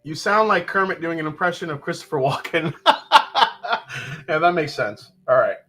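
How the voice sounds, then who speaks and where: A man's voice: on the high side, moderate pace, bright, forceful tone, faint music behind. A man hosting a casual livestream, loose and joking and sometimes profane. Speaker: livestream host. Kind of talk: casual live chat.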